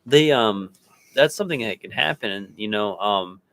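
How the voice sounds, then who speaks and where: A man's voice: lowish voice, lively intonation, moderate pace, a bit bright. A man co-hosting a paranormal podcast, telling stories in a rambling casual way with lots of fillers and restarts, recorded in a home studio. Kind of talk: casual chat.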